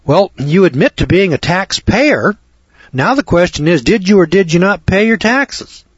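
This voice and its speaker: A man lectures students in a folksy manner, stacking up rhetorical questions and repeating them for emphasis. His voice is high-pitched, husky and expressive, delivered at normal speed with no echo. The recording is dull and lo-fi.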